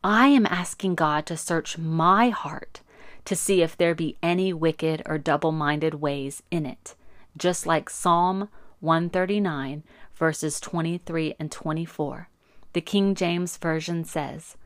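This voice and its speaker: A middle-aged woman tells a faith testimony with earnest passion, her voice sitting on the low side. The sound is dry and close, with no room echo. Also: takes it slowly. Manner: earnest, impassioned storytelling. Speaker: podcast host. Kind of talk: faith talk with personal testimony.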